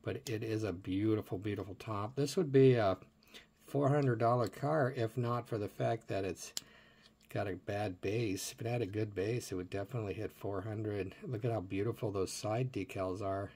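Middle-aged man, husky voice, chatty collector thinking aloud and quizzing his viewers. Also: lowish voice, normal speed, a little mellow. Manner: chatty and musing aloud, asking viewers questions. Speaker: toy car collector showing his collection. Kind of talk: casual hands-on show-and-tell.

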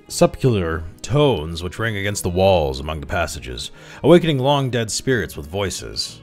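A man narrating a classic short story aloud in an expressive reading, with occasional restarts. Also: low voice, moderate pace, soft background music.

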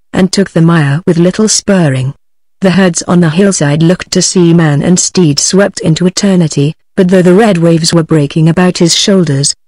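A text-to-speech woman's voice with a British English accent, narrating an audiobook in an even, synthetic reading. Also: on the low side, no echo.

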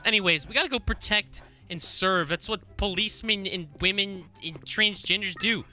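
A man giving playful, deadpan commentary while playing a video game as a gaming YouTuber. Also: sits high, moderate pace, few pauses, faint music behind.

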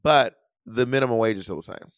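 A man's voice: lowish voice, lively intonation, fairly quick, creaky, dry recording, clean studio sound. A man co-hosting a podcast in casual chat, teasing and playfully argumentative. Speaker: podcast co-host.

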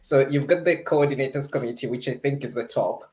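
A man's voice: mid-range voice, a little fast, a little mellow, slight background noise. A man on a livestream panel, explaining things at length and breaking into small laughs as he talks.

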